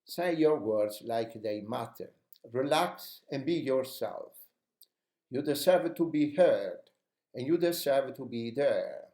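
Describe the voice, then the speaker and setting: Slow, mellow-voiced male speaking coach. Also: mid-range voice, expressive, echoey room. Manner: encouraging, coaching tone. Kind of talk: instructional video lesson.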